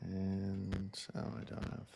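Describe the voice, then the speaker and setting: Slow, gravelly-voiced man streaming a game. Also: deep voice, completely flat delivery, dark tone, muffled recording. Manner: laid-back, thinking aloud while playing. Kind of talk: casual let's-play commentary.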